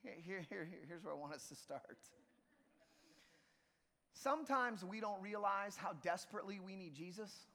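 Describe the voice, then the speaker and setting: A man preaching a sermon as lead pastor, lively and joking with the congregation in a church auditorium. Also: high-pitched, moderate pace, long pauses. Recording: long reverb of a church hall.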